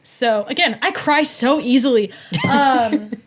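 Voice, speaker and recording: Animated young woman telling a story. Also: fairly high pitch, a little slow. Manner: animated, laughs often, acts out quoted voices. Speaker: podcast guest. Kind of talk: casual storytelling.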